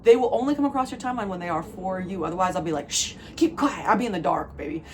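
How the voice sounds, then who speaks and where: A woman from New Jersey giving a spiritual tarot reading to camera, animated and emphatic, calling the listener "baby". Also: fairly low pitch, rapid-fire, a little hiss or hum. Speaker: tarot reader.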